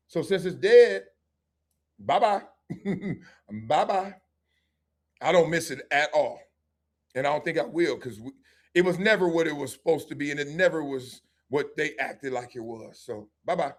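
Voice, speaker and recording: A man, hosting a livestream and telling lively stories, acting out voices and laughing often. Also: fairly high pitch, moderate pace. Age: 50s. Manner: animated storyteller, acts out voices, laughs often. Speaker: show host. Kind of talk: livestream storytelling and chat.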